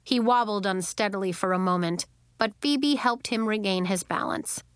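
A woman narrating a children's storybook aloud in a gentle, measured way. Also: mid-range voice, clear, resonant tone, no echo, clean studio sound.

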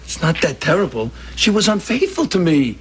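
A man's voice: fairly high pitch, big pitch swings, moderate pace, slight background noise. An actor playing a worried, fumbling father who stammers and hesitates, in a sitcom. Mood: troubled. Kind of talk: sitcom acting.

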